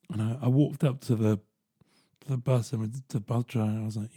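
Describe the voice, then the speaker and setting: A young man telling a personal story in a casual, animated way, swearing freely. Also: medium pitch, fast talker, breathy edge, no echo, studio quality. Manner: animated, swearing, chuckling asides.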